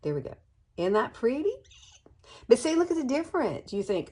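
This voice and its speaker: A woman's voice: mid-range voice, big pitch swings, fairly quick, warm tone, breathy edge. A woman in her sixties giving a chatty, enthusiastic makeup tutorial to the camera, calling her viewers girlfriends. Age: 60s. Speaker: beauty vlogger.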